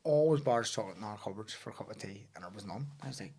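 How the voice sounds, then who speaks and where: A man with a Belfast accent, a podcast guest telling a story in casual talk, animated and swearing, often laughing. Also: on the low side, racing, breathy edge. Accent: Northern Irish, Belfast.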